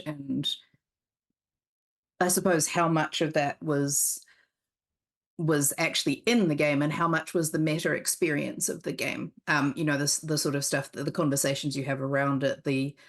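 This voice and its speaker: Guest read: woman game designer, low and gravelly, candid rambling chat. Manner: candid, rambling storyteller with many restarts. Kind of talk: casual interview chat. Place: live convention stream set.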